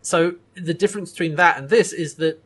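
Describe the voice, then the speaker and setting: Animated man laughing through a recap. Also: on the high side, a little fast, slightly rough. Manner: animated, laughs often, acts out character lines. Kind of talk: casual chat recapping a TV episode.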